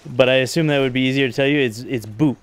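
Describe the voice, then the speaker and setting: A man's voice: medium pitch, fast, no room sound. Chill guy from california, teasing his buddy and explaining stuff patiently, laughs a lot. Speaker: co-host. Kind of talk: casual gaming chat.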